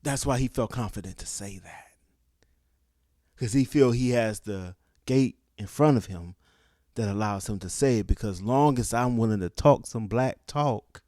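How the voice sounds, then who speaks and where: A man's voice: on the low side, a little slow, warm tone, no room sound, clean studio sound. A young man giving a passionate, preachy opinion commentary, often asking "guess what?" to drive his point home. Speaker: commentary vlogger.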